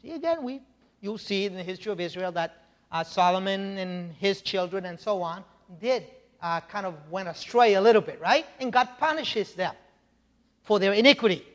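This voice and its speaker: A man's voice: sits high, animated, moderate pace, fairly bright tone. A man preaching a sermon in a church, teaching in a conversational way with frequent asides and checks like "right?". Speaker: pastor. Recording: long hall reverb.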